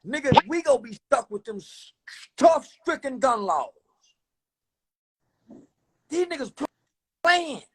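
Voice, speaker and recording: A man hosting a livestream, talking loud and profane, swinging between preaching and joking. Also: extremely high pitch, expressive, a little slow, pauses often. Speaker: livestream host. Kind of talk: casual livestream rant.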